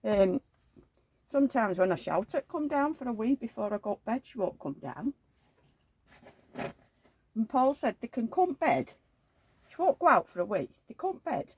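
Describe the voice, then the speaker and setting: A woman's voice: a little high, big pitch swings, moderate pace, long pauses, breathy edge, dry recording. A woman, rambling through homely anecdotes in a chatty vlog and acting out the dialogue. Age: 70s. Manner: rambling anecdotal storytelling, acts out quoted dialogue. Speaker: reborn doll collector.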